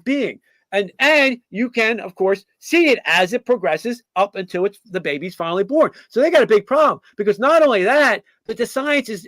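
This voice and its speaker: A man's voice: high voice, no room sound. A man giving an opinionated political monologue as host, rambling with many fillers and restarts. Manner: acts out quoted figures in mock voices. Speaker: podcast host.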